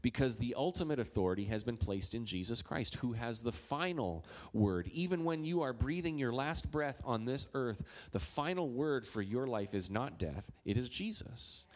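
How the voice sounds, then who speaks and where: A man's voice: medium pitch, lively intonation, moderate pace, hardly any pauses. Storytelling pastor man from Minnesota. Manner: conversational, storytelling with playful asides. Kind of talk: sermon.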